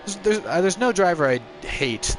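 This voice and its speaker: A man's voice: high-pitched, moderate pace, a little hiss or hum. Tired young man streaming a racing game. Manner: relaxed, rambling, answers viewer chat. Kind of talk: casual live-stream chat. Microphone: headset.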